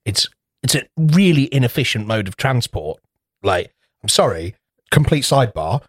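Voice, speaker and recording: A man swapping stories on a podcast, swearing freely and slipping into little put-on voices for the people in his anecdotes. His voice sits at an ordinary pitch and is recorded dry and close, with almost no room sound. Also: big pitch swings, moderate pace, no room sound. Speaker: podcast co-host. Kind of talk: casual chat.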